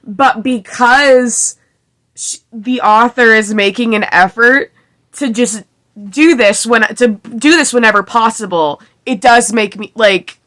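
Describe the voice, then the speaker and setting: Chatty bright-voiced young woman. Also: fairly high pitch, slow. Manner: chatty, sarcastic, giggly asides. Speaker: book reviewer. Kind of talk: casual book recap with read-aloud passages.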